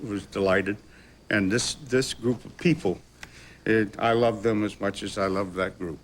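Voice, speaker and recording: A man in his sixties, an actor guest telling animated stories with chuckles on a talk show. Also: on the low side, measured pace, heavy background noise.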